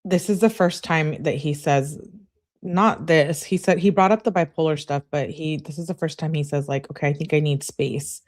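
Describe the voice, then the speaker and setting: A woman's voice: low-pitched, normal speed, darkish tone. A woman reading text messages on a live stream, talking to her chat with blunt, sarcastic asides.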